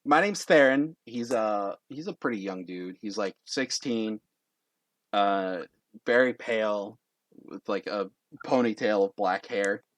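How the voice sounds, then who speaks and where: A man's voice: lowish voice, slow, no echo. A man narrating a tabletop game as game master in a casual, rambling way.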